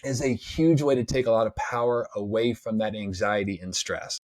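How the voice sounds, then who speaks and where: A man talking as a sports psychologist guest in a casual podcast interview, energetic and acting out pep talks. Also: on the low side, moderate pace, dry recording. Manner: energetic, acts out pep talks in quoted voices.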